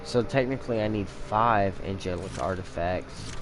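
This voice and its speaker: A man's voice: fairly low pitch, normal speed. A man giving casual commentary on his own gameplay, rambling and thinking aloud while he has the hiccups. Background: game music.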